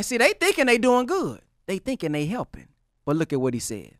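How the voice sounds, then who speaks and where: A man's voice: very high-pitched, wildly swooping pitch, fairly quick, no echo, studio quality. A man talking in a loose, preaching style with a lot of slang, acting out the voices of the people he quotes. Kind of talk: preaching-style casual talk.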